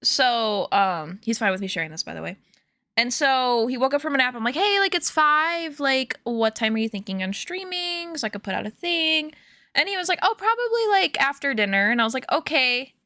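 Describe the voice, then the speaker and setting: A young woman with a bright, slightly high voice talks casually to her stream viewers from home. She rambles through a story, full of "like" and "um". The sound is close and dry, with no room echo. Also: animated, brisk. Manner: chatty, rambling storytelling with many fillers and laughs.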